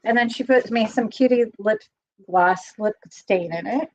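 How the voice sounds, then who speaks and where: A woman's voice: fairly high pitch, measured pace, low-quality recording. A middle-aged woman hosting a casual live stream, chatty and rambling, getting teary as she talks. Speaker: channel host.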